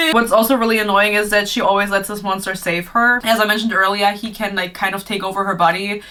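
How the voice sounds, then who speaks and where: Chatty young woman, bright voice. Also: medium pitch, a little fast, distant mic. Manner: chatty, sarcastic, swears and laughs. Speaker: book reviewer. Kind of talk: casual book review chat.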